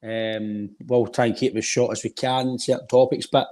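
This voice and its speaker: A man's voice: mid-range voice, little pitch movement, normal speed, darkish tone. A Scottish man co-hosting a football podcast, rambling conversationally with a sore throat. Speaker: podcast co-host. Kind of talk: casual football chat.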